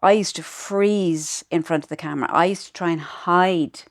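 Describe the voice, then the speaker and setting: A middle-aged woman with a fairly low voice talks as a podcast guest. She tells stories with animation and speaks bluntly, with a swear word here and there. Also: moderate pace. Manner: animated storyteller, frank, swears. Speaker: guest actor. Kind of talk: casual chat.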